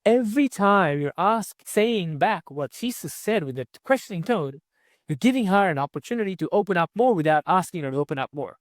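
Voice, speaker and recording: Lively male communication coach. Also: high-pitched, brisk, no echo, studio quality. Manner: energetic, repetitive, with frequent tag questions. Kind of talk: online course lecture.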